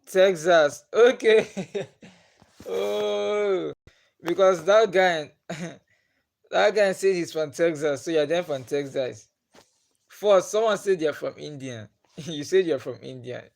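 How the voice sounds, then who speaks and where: A young man with a Nigerian accent hosts a casual live stream, reading out viewers' names and chatting with them. He talks at an easy, drawn-out pace in a slightly high voice and laughs often between questions. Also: gravelly. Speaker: livestream host.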